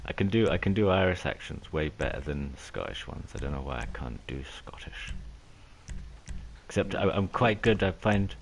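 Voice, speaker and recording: A man with a deep, low voice chatting casually during a racing game. He wanders through his points with eager enthusiasm. His headset voice chat carries clear background noise. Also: lively intonation, normal speed, poor audio. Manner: rambling, enthusiastic about accents. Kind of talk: casual chat while gaming.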